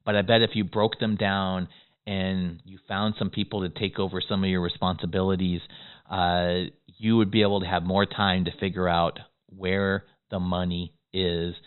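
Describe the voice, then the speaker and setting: A man delivers a motivational business lesson in a quick, excitable rush, tagging his points with "okay?". His voice is smooth and resonant at a middle pitch. The sound is squeezed and tinny, like a phone line. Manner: fast-talking, excitable, peppers lines with "okay?". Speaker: business course instructor. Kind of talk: motivational course lecture.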